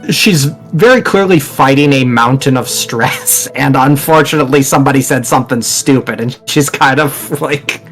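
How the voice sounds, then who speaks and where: A man's voice: mid-range voice, normal speed, few pauses, fairly bright tone, faint music behind. A man narrating a tabletop game as game master, in a casual, rambling way with many fillers.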